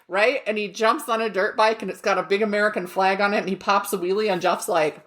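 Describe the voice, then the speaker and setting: A woman co-hosting a podcast in casual chat, an animated storyteller who acts out quotes and laughs often. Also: mid-range voice, fast. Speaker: podcast co-host.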